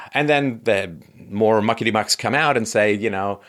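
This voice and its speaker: A man hosting an opinion show, recounting events in a sarcastic, conversational way and dropping his voice low for wry asides. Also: normal speed, a bit bright. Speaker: podcast host. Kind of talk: opinion commentary.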